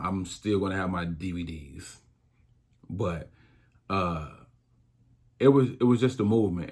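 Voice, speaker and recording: A man hosting his own podcast, talking reflectively in a casual style, with many restarts. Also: sits low. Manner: slow, reflective, drawn-out phrasing with many restarts. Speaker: podcast host. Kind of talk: casual solo podcast talk.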